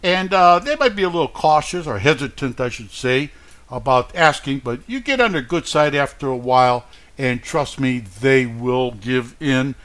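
A man's voice: medium pitch, expressive, moderate pace, a bit bright. A man hosting a radio show, talking in a folksy, rambling way and stumbling over words now and then. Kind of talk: casual radio sign-off.

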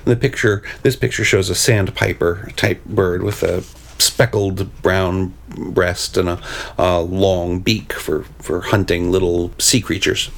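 Gravelly, expressive male storyteller. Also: deep voice, unhurried. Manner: expressive, with hesitant asides. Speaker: storyteller and describer. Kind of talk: storybook reading with picture descriptions.

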